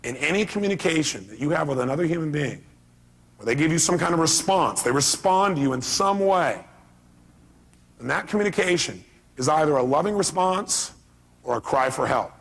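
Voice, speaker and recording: A man's voice: a little high, expressive, moderate pace, gravelly, slightly rough. A middle-aged man giving a live seminar talk as a motivational speaker, emphatic and firing rhetorical questions at the audience.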